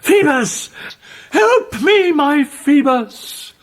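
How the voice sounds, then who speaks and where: A man voicing a terrified young woman who screams for help in a very high voice. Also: lively intonation, very slow, heavily acted. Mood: desperate. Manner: screaming, shrill pleading. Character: terrified young gypsy girl.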